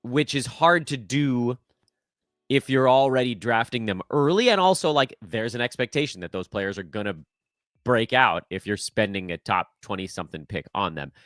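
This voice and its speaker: Brief: male sports podcast host, lively up-and-down delivery, jokey asides, dry close sound. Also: medium pitch, normal speed, dry recording. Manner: animated, jokey, rambling asides. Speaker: fantasy basketball podcast host. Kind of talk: casual solo sports analysis.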